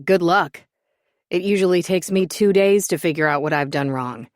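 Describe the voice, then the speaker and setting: A cocky young man , as a woman reading a story puts him on, teases and bosses in a breezy, joking way. The voice stays low and everyday. It is recorded close and dry. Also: normal speed, no echo, natural voice. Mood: teasing. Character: cocky, teasing young man who loves attention.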